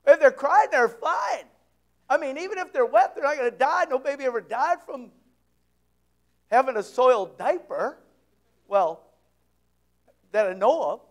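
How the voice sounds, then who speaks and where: A man preaching a sermon as pastor, conversational and joking, swinging between loud and hushed. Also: extremely high pitch, lively intonation, measured pace, pauses often.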